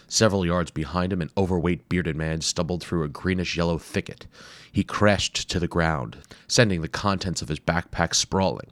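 A man narrating a storybook adventure in a steady, measured way. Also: sits low, no echo. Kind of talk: storybook reading.

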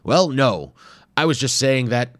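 A man's voice: medium pitch, animated, unhurried, no echo, pitched above the performer's own voice, natural voice. A man voicing a grumbling, overweight middle-aged male archaeologist who complains dryly and reluctantly, in a storybook reading. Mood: wary.

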